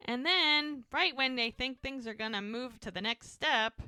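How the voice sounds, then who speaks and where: A woman's voice: on the high side, normal speed, bright, forceful tone, clear, resonant tone, no echo. Woman retelling TV scenes, dry close sound. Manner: retells scenes with quoted dialogue. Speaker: podcast co-host. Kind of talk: casual recap chat.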